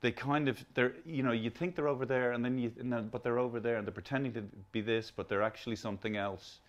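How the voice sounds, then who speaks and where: A man's voice: medium pitch, fairly even intonation, fast talker, lo-fi sound. A man in his fifties hosting a podcast in casual conversation, rambling through restarts and swearing freely. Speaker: podcast host.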